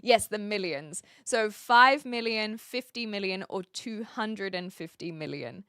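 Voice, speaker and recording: Young adult woman, New Zealand accent, casual streamer chat, crisp and clear voice. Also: mid-range voice, expressive, fairly bright tone, dry recording, clean studio sound. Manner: chatty, reads chat aloud, frequent fillers and quick laughs.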